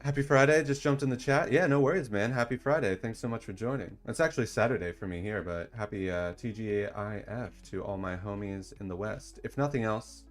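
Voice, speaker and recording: Man, streamer, laid-back slangy chat, lowish voice, soft music behind. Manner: laid-back, slangy, quick to get excited. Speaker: streamer and dungeon designer. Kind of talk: casual livestream chat.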